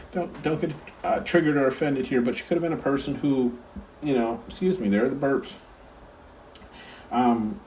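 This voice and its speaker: A man's voice: mid-range voice, darkish tone, a little hiss or hum. Chatty man giving a card reading. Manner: rambling, chatty, many fillers and asides. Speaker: tarot card reader. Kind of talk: casual pick-a-card reading.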